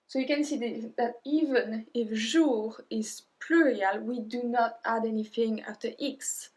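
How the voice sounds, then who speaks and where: French-accented female teacher, measured slow delivery, repeats each word for learners. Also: fairly high pitch, a little mellow. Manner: repeats words slowly and clearly, sometimes dropping to a whisper. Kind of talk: slow instructional language lesson.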